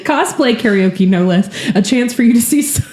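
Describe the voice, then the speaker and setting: A woman's voice: on the high side, animated, moderate pace, echoey room, background noise. A woman co-hosting a podcast, chatting casually and laughing often. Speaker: podcast co-host. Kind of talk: casual chat.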